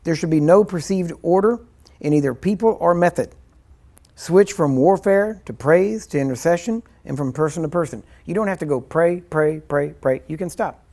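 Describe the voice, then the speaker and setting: A man's voice: on the high side, normal speed, darkish tone. A man teaching a ministry class in a loose, rambling, conversational way, acting out little scenes and chuckling as he goes. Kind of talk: informal teaching sermon.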